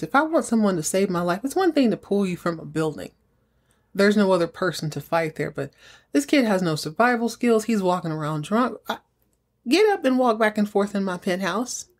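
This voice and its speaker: A woman hosting a podcast, casually recapping a soap opera episode and acting out characters' lines in playful voices. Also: mid-range voice. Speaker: podcast host.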